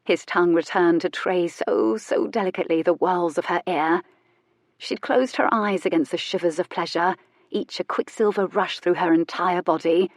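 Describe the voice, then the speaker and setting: A woman reading a romance audiobook in a soft, measured, intimate narration. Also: fairly low pitch, dry recording.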